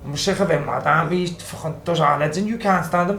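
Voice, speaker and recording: High-ish, fast, creaky and a bit bright, the voice belongs to a young former footballer from Liverpool who speaks with a Scouse accent. On a podcast he tells casual stories, acting out quotes and swearing freely. The audio has a little hiss or hum and sounds roomy, with faint background ambience.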